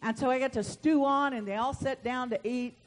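A middle-aged woman preaching a sermon in a folksy, animated storytelling manner, acting out the voices of the people in her stories. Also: high-pitched, fairly quick, rough recording.

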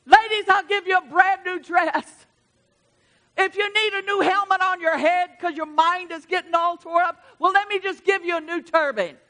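A preacher voicing God as a fatherly judge, emphatic and reassuring, with a bright, forceful ring. The voice rises high and loud as it promises to clean everyone up. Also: moderate pace. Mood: commanding.

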